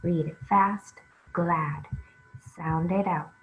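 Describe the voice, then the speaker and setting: A woman leads a children's phonics lesson at a very unhurried pace, calling out letter sounds and encouraging the young reader. Her voice sits a little low. The recording is dull and lo-fi with a faint hiss behind her. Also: steady tone. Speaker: reading teacher.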